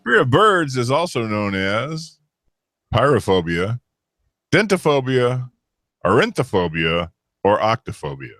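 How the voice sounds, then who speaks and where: A man co-hosting a casual podcast, reading out quiz questions in an animated way, swearing and laughing often. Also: mid-range voice, a little slow, dry recording, studio quality, soft background music. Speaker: co-host running a quiz. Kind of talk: casual banter.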